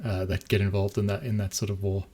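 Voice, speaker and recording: Podcast co-host, male, lowish voice, loose chatty delivery with frequent laughs. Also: level tone, quick pace, mellow. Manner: chatty, laughs often, trailing asides. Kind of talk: casual chat.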